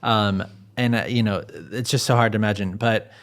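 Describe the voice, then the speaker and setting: A man's voice: lowish voice, steady tone, moderate pace. A man hosting an interview, asking long, rambling questions with restarts and fillers. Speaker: podcast host, interviewer.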